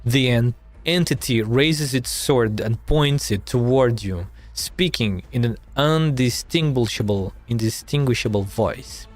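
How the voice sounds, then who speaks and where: A man's voice: mid-range voice, a little slow, few pauses, faint music behind. A man reading a game's story aloud on stream, breaking off for startled, swearing asides.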